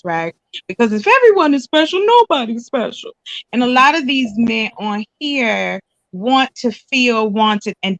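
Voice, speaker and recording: A woman panelist in a discussion, speaking in a measured way and putting questions to the panel. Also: fairly high pitch, fairly bright tone, dry recording.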